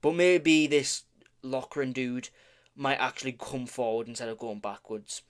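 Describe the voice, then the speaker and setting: Speaking at a measured pace in a medium-pitched voice with a clean tone, a man casually runs through his fight predictions for a vlog. He wanders off track, fixes his own slips, trips over names, and swears and jokes offhandedly.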